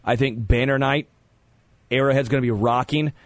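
A man hosting sports talk radio, animated and opinionated, often stammering as he restarts a thought, on a close studio mic. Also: mid-range voice, normal speed, no room sound.

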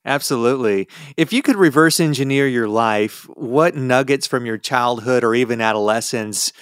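A male podcast host from Texas with a smooth, resonant voice and a dry, close sound. He asks questions in a friendly, joking way. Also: mid-range voice, moderate pace, no room sound. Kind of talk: casual interview hosting.

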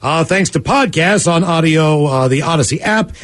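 A radio show host reading listener emails aloud on air, with lively conversational asides. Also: male voice, fairly high pitch, moderate pace.

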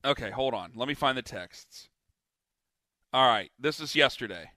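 A married man co-hosting a podcast, telling a rambling story and quoting people in animated bits. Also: medium pitch, moderate pace, no room sound, clean studio sound. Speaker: podcast co-host. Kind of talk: casual banter.

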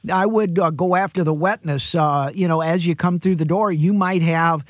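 Energetic radio host man, dry studio sound. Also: fairly high pitch, normal speed, no room sound. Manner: energetic, jokey, chatty with fillers. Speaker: radio home improvement show host. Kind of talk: live radio call-in advice. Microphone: studio microphone.

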